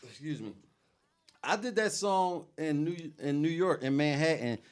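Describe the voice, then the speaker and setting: A man's voice: fairly high pitch, expressive, a little slow. A man, a rapper guest, telling laid-back stories with slang in a casual podcast chat.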